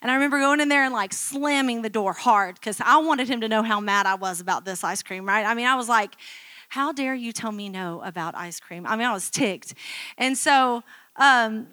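A woman's voice: on the high side, brisk, sharp tone, no echo. A middle-aged woman pastor preaching a sermon in a chatty, self-mocking storytelling way, acting out quotes from her own life.

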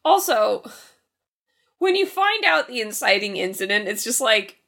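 A woman's voice: on the high side, sing-song, a little slow, gravelly, fairly bright tone. A woman co-hosting a podcast, giving blunt, dismissive movie opinions in casual chat. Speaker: podcast co-host.

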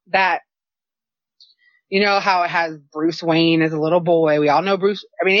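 Animated, profane woman telling a story. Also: medium pitch, dry recording. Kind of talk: casual storytelling chat. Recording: dry, slightly dull lo-fi sound.

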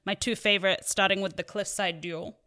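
A woman's voice: mid-range voice, fairly even intonation, a little fast, pushed and bright, smooth. Chatty woman co-hosting a podcast. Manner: enthusiastic, chatty, with hesitations. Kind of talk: casual podcast chat.

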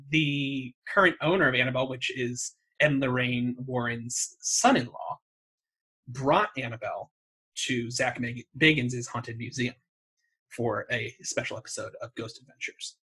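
A man with a bright, forward voice and a husky edge, pitched a touch high for a man. He tells a story as a podcast co-host, wry and loose, swearing freely and laughing at his own cynicism. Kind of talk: casual storytelling chat.

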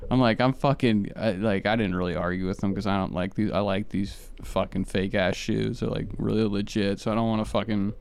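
A man's voice: on the low side, fairly even intonation, brisk, vocal fry, few pauses, darkish tone, clean tone. A man hosting a podcast, telling rambling, profane stories in casual chat. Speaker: podcast host.

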